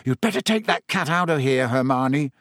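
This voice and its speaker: Guy doing a hot-headed teen wizard boy, kinda high and pushy, storybook voice. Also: very animated, moderate pace, no room sound, studio quality. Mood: angry. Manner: loud, impatient outbursts. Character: teenage boy wizard, eager, mocking, hot-tempered.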